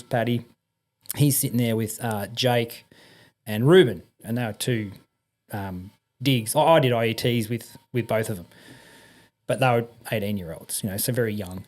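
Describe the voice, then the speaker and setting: An Australian army and police veteran, a guest on a podcast, tells lively army yarns in a mid-range voice. He's animated, acting out voices in his anecdotes and laughing often as he tells stories casually.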